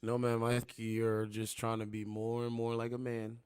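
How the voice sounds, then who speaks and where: A man's voice: medium pitch, monotone, moderate pace, darkish tone, clean tone, no echo. A man hosting a casual livestream from his home studio, rambling and repeating "you know what I'm saying". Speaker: livestream host. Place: home studio with two monitors.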